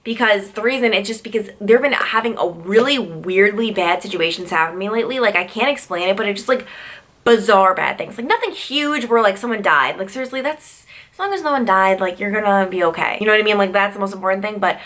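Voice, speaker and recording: Bright, chatty young woman vlogging. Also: medium pitch, expressive, fast talker. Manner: chatty, peppered with "like" fillers. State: tired. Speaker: vlogger and news reporter. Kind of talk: casual vlog chat.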